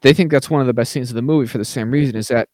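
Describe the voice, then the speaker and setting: A man's voice: mid-range voice, rapid-fire, darkish tone, no room sound. A man co-hosting a podcast, chatting casually about a film and often saying "like I said" and "right?". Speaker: podcast co-host.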